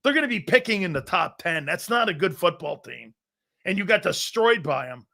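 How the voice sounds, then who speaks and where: Boisterous, animated man with a high voice. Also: normal speed, creaky. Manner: boisterous, loud, laughs often, blunt and profane; rambling anecdotes with stop-start phrasing. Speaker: sports talk show host. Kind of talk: live football talk and storytelling.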